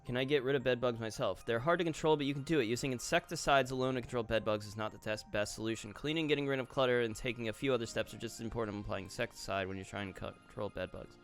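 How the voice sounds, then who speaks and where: A man's voice: medium pitch, racing, few pauses. A man streaming, reading online posts aloud and reacting with casual, offhand commentary. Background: faint guitar music.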